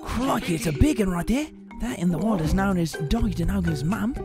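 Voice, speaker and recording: A man yelling in panic while playing a game with friends. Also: high-pitched, lively intonation, moderate pace. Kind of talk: gaming banter. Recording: loud game music behind.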